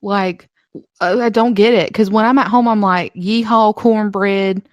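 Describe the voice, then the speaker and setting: A woman's voice: medium pitch, dry recording. Chatty young Southern woman, dry close sound. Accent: Southern US, light. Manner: chatty, swears freely, quick storytelling. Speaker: podcast co-host. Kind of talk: casual podcast chat.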